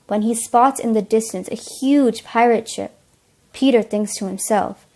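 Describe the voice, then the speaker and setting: A woman's voice: on the high side, steady tone, measured pace, a little mellow. A teenage girl reading plain storybook narration for a school play. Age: teens.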